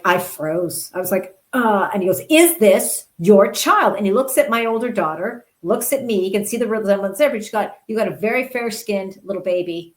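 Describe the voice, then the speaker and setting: A woman's voice: mid-range voice, rough recording. Earnest woman telling a story. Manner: earnest, restarts and repeats words. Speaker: interview guest, journalist. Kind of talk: candid personal storytelling.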